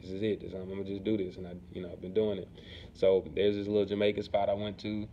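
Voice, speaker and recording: A man chatting casually to camera in a relaxed, rambling way, often asking "you know what I'm saying". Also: fairly low pitch, fast talker. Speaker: vlogger. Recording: dull lo-fi sound with faint background noise.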